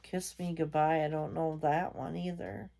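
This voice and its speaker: A woman's voice: deep voice, level tone, normal speed, vocal fry, dark tone. A tired woman chatting casually as a vlog host, rambling with many fillers. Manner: reads out magazine lines. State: tired, yawning. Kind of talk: casual chat.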